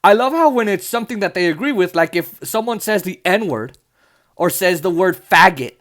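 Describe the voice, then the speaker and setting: High-pitched sarcastic ranting man. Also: expressive, moderate pace, a bit bright. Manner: exasperated, sarcastic, swears often. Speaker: podcast host. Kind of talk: ranting political commentary.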